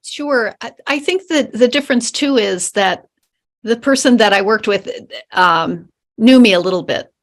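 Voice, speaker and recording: A middle-aged woman talking on a video call, her voice sitting a little high. She tells her stories with animation and acts out the voices of people she quotes. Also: unhurried. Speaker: program participant. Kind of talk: casual chat on a video call.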